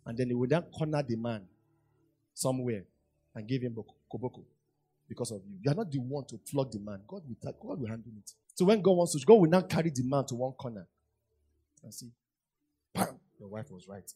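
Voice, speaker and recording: A man's voice: medium pitch, lively intonation, brisk, warm tone, slightly rough. A man preaching a sermon, repeating lines and asking the congregation questions. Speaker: pastor. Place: church hall.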